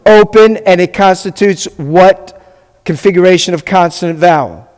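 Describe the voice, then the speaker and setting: High-voiced rabbi teaching a class. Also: male voice, normal speed, a little mellow, clean tone, big-room sound. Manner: patient, checks in often with the class. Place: classroom or hall with a live class.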